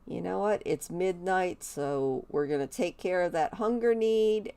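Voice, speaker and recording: A woman talking through her game in a chatty, playful way, gushing over the little ones. Her pitch moves around a lot, and she speaks at an unhurried pace. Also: darkish tone. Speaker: gameplay commentator. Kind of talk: casual game commentary.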